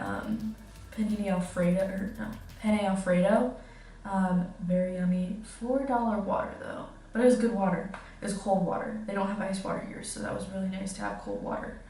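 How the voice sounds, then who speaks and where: A woman's voice: medium pitch, a little mellow, a little hiss or hum. A young woman vlogging as a study-abroad student, telling stories in a chatty, giggly way full of filler words. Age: young adult. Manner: chatty storytelling, many "like"s and giggles. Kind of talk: casual vlog chat. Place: kitchen indoors. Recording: echoey room, distant mic, faint music.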